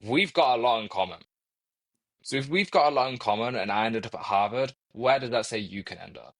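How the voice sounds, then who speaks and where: Speaking a little fast with an expressive, medium-pitched voice, this young adult man has a Coventry English accent. As a guest in a thoughtful interview, he talks sincerely and repeats words as he thinks things through.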